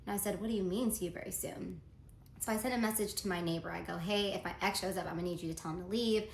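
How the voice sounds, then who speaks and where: A woman's voice: fairly low pitch, fast, gravelly, echoey room, a little hiss or hum. A woman casually telling a dramatic personal story, acting out the texts and lines she quotes.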